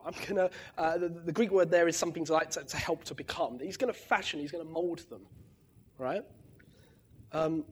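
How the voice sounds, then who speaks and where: Husky preacher, conversational. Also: male voice, on the high side, fairly quick. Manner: chatty, keeps asking "right?", restarts words, lively bursts of emphasis. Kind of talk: conversational sermon.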